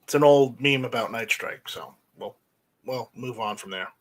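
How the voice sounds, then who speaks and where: A man co-hosting a casual livestream, reading viewer comments aloud and tossing in teasing jokes. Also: mid-range voice. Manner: joking, teasing, quick asides. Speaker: co-host reading viewer chat.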